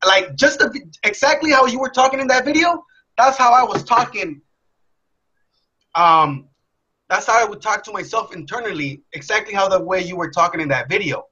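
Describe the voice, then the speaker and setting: A young man telling a candid personal story in a blunt, profane, animated way. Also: high-pitched, normal speed, breathy edge. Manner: profane, blunt, animated, acts out his past self. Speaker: motivational speaker. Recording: dull lo-fi sound.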